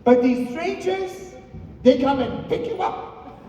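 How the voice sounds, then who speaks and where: A man's voice: very high-pitched, slow pace, warm tone, slight background noise, pitched above the performer's own voice. A man voicing a worried, scolding middle-aged mother who interrogates her son, recorded in an echoey hall from far off. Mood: exasperated. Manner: exasperated, interrogating.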